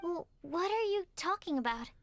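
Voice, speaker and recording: A woman voicing a tiny, chatty floating girl companion in a dubbed video game, squeaky and excitable. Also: moderate pace, faint music behind. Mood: puzzled.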